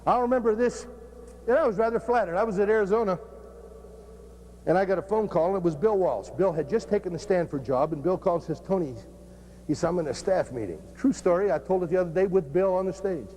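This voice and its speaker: High-voiced blunt, profane man coaching. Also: quick pace, a little mellow, a little hiss or hum. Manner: blunt and profane, cracking jokes. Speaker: football coach speaking at a coaching clinic. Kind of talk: humorous coaching clinic talk.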